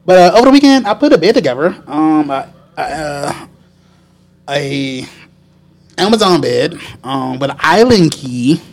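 A man's voice: a little high, expressive, measured pace, pauses often, darkish tone. A man, co-hosting a casual podcast chat, rambling with lots of fillers and casual swearing. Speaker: podcast co-host.

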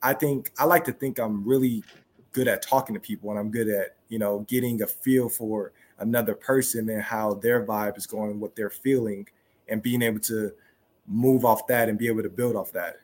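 A young man, a professional football player, talking casually as a guest, softly and with many restarts. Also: lowish voice, steady tone. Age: young adult. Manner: soft-spoken, halting with many restarts. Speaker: guest, pro football wide receiver. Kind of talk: casual interview talk.

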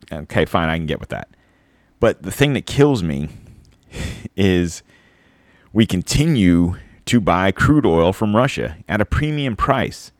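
A man's voice: sits low, no room sound, studio quality. A man giving a rambling, sarcastic opinion monologue, swearing and laughing at his own points.

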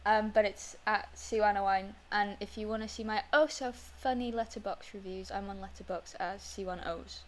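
A woman in casual podcast chat, her voice mid-pitched and ordinary. She talks with dry, self-deprecating humour. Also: steady tone, moderate pace, few pauses. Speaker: podcast co-host.

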